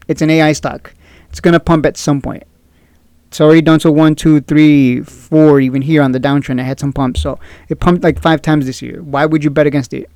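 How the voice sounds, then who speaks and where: A man's voice: a little high, darkish tone, no room sound. Blunt, opinionated man with a dry close mic. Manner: blunt, opinionated, sarcastic, often laughs at critics. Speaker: stock market video host. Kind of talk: casual trading commentary.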